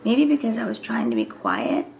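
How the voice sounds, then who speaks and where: Mujer charlatana con voz algo rasposa. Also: female voice, on the high side, huge pitch swings, normal speed, darkish tone, a little hiss or hum. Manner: chatty, rambling, drops into whispers. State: voice recovering from hoarseness. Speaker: vlogger and mother. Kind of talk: casual chat to camera.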